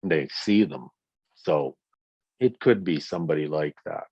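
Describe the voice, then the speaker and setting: A man's voice: a bass voice, animated, a little slow, a little mellow, slightly rough, dry recording, muffled recording. A man in his sixties being interviewed, who tells his story bluntly and emphatically and swears often. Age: 60s. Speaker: guest, victim's father. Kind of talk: interview conversation.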